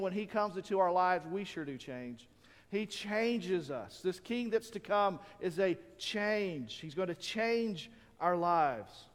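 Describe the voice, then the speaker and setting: A man's voice: high voice, long reverb tail. A man preaching a sermon, reading scripture and asking the congregation rhetorical questions. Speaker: pastor.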